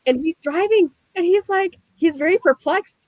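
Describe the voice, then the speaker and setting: A young woman from the US Midwest telling her story as a guest, animated and full of "like" fillers. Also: very high voice, moderate pace, hardly any pauses, dry recording, poor audio. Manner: animated, frequent "like" fillers, laughs while telling. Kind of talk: casual storytelling.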